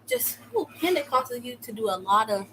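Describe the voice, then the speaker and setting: A young woman from the United States telling a personal story in a casual, slangy way, with sudden loud outbursts. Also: on the high side, normal speed, slight background noise, rough recording. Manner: animated, slangy, swings into loud exclamations. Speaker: vlogger.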